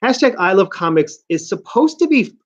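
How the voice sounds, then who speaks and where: A man's voice: high-pitched, sing-song, moderate pace. A man talking in a casual rambling vlog, a college student ranting about his day in a profane, self-mocking way. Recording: slightly muffled lo-fi audio.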